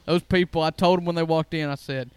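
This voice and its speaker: Smooth-voiced man telling stories. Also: fairly high pitch, steady tone, fast, a little mellow, no echo. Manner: storytelling, folksy and jokey. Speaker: podcast co-host. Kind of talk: casual chat.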